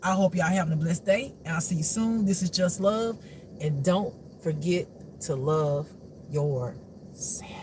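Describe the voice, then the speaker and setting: Blunt, profane spiritual talker over noisy hum. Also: moderate pace. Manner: blunt, profane, laughing, swings from low mutters to shouts. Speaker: spiritual life teacher and reader. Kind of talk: casual unscripted monologue.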